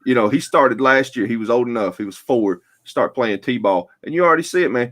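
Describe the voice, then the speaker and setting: A man's voice: medium pitch, brisk, a bit bright, no room sound. Emphatic man telling stories. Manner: storytelling, emphatic. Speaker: podcast co-host. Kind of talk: casual barbershop chat.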